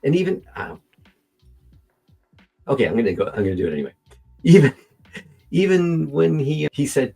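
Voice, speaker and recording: A man with a gravelly, husky voice reacts to a video in casual, argumentative commentary. His tone sits dark and mellow, lively as he pushes back point by point, with faint music underneath. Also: mid-range voice, fairly quick, long pauses. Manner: animated, argumentative, talks to himself while editing.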